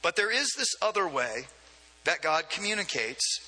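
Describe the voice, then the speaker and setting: A man's voice: a little high, very animated, normal speed, bright, forceful tone. A man preaching a sermon as pastor, in a conversational way with frequent asides and repeated words. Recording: long hall reverb.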